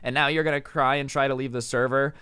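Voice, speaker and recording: A young man telling a story in a casual vlog, rapid and animated, full of "like" and "you know". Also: medium pitch, smooth, dry recording. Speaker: storytime vlogger.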